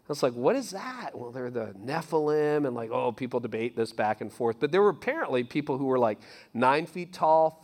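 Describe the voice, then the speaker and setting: A man preaching a sermon in a casual, conversational way, swinging from emphatic lines to near-whispers. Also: medium pitch. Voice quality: animated, conversational preaching with sudden soft drops. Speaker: pastor.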